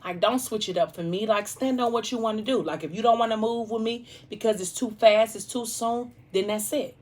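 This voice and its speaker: Woman playing a sorry young guy, gentle and calm, talking her down. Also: fairly high pitch, fairly quick, pitched above the performer's own voice, natural voice. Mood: reassuring. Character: remorseful young man, gentle and apologetic.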